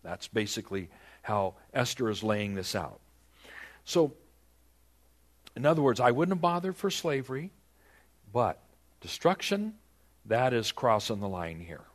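A man's voice: medium pitch, sing-song, measured pace, pauses often. A man preaching a Bible-teaching sermon, asking rhetorical questions and dramatizing the text.

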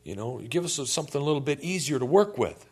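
A man's voice: a little high, sing-song, fast, a little mellow, breathy edge. A man voicing whining, wheedling tribesmen who ask their old leader for favors, in a chummy, complaining tone.

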